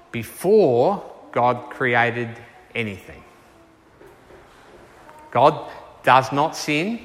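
A man preaching a sermon and taking questions, earnest and unhurried, slowing down to stress key words. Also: medium pitch, a bit bright. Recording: reverberant hall.

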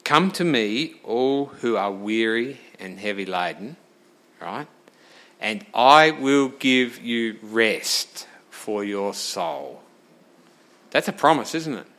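Bright-voiced male preacher, animated sermon. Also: on the low side, slow pace. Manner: animated, talks straight to the congregation with questions; shifts between loud emphasis and quiet asides.

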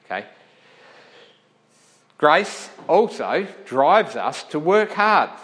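A man's voice: a little high, sing-song, very slow, fairly bright tone, poor audio. A male pastor giving a conversational sermon, often checking in with listeners and correcting himself as he thinks aloud.

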